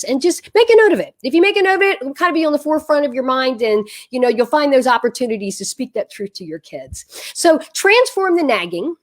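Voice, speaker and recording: Lively, conversational woman giving parenting advice. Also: fairly high pitch. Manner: earnest, conversational, with frequent fillers and restarts. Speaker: parenting coach. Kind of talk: direct-to-camera advice talk.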